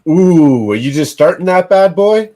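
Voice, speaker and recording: A man's voice: sits high, expressive, measured pace, mellow, low-quality recording. A man hosting a casual livestream, scolding himself with groans and frequent swearing. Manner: self-reproaching, groaning, swears often. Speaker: livestream host.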